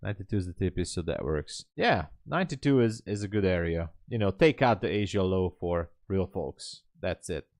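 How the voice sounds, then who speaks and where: A low-voiced man hosts a live day-trading stream, commenting as he trades and reads chat. He thinks aloud, greets viewers and laughs often, in a relaxed, halting way with many fillers. The recording is dry and clean, like a studio.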